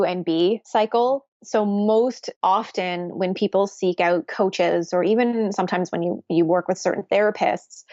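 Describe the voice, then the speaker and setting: A woman's voice: mid-range voice, darkish tone, no room sound, muffled recording. A woman nutritionist and coach, speaking as a podcast guest and explaining earnestly, often tagging "right?" onto what she says. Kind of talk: podcast interview conversation.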